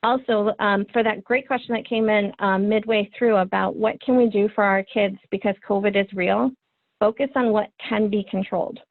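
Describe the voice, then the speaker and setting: A woman in her thirties, a trainer, presents a parenting webinar in an earnest, encouraging manner, with frequent ums. Her medium-pitched voice holds a steady tone at a moderate pace. Captured through a video call, the audio is dry and phone-like with no echo.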